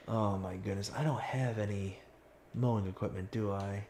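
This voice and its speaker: Over slight background noise, a man with a fairly low, mellow voice speaks at a moderate pace while streaming a farming game. He casually reads viewer comments aloud and teases himself with sudden bursts of frustration.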